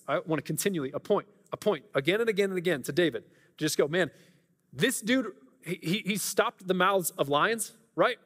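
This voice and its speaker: A man's voice: fairly high pitch, a bit bright. A man preaching a sermon in a church, earnest and conversational, often restarting his sentences. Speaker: pastor. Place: church sanctuary. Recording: reverberant church hall.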